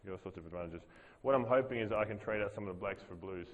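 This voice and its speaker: A fitness master trainer coaches a group workshop, walking through movements step by step and repeating his cues. His voice is on the low side and racing, recorded in a big room with the highs cut off.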